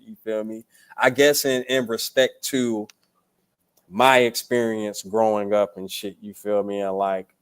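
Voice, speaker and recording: A man's voice: fairly low pitch, smooth. A young man from Durham, talking as a podcast guest in a laid-back, profane way, tagging lines with "you feel me". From Durham, North Carolina. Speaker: poet and musician guest. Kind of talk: casual podcast interview.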